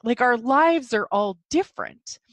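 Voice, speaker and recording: A woman's voice: on the high side, lively intonation, measured pace, no echo. A middle-aged woman hosting her own podcast, talking in a chatty, enthusiastic, rambling way with lots of fillers. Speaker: podcast host. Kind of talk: solo casual podcast monologue.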